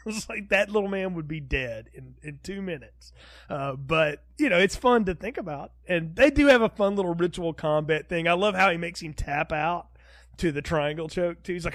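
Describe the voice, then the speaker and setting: High-voiced laughing man podcast host. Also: normal speed, no room sound, studio quality. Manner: animated, laughs often, restarts and quotes. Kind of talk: casual film review chat.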